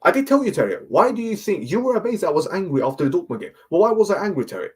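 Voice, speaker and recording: Ranting man, husky voice. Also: sits high, sing-song, rapid-fire. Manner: ranting, repetitive, keeps asking "yeah?". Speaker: fan guest. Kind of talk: heated fan rant.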